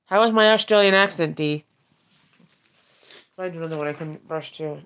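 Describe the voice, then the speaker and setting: A woman ASMR streamer chatting in a soft-spoken, rambling manner during a livestream. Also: low voice, normal speed, long pauses, smooth. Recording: dull lo-fi stream audio.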